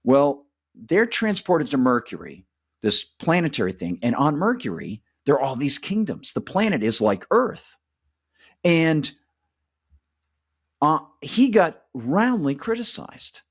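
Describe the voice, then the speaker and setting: A man's voice: a little high, sing-song, a little slow, a bit bright, breathy edge. A man hosting a casual book talk, enthusiastic and rambling, often restarting his sentences. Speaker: channel host, former writing fellow.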